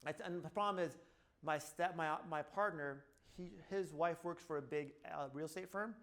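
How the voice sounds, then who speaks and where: A man's voice: a little high, moderate pace, fairly bright tone. A middle-aged man, a chiropractor, talking casually to a room and telling stories from his practice, acting out quoted lines and saying "blah, blah" often. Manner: storytelling with acted-out quotes, repeats "blah, blah". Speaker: chiropractor speaking at a seminar.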